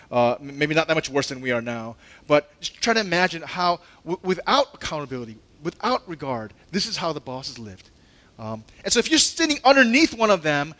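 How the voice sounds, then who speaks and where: A man preaching from the pulpit with a fairly high, very lively voice that climbs and drops a lot. He chats with the congregation, laughs at his own asides and puts on indignant voices for the disciples. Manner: conversational and animated, with laughs and asides; acts out the disciples' lines in a raised, indignant voice. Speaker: pastor. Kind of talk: sermon.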